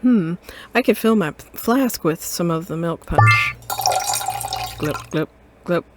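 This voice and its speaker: In a very noisy recording, a woman game streamer casually narrates a story game and voices her detective cat, sounding playful, giggly and quietly amused. Her voice is lowish, animated and slow.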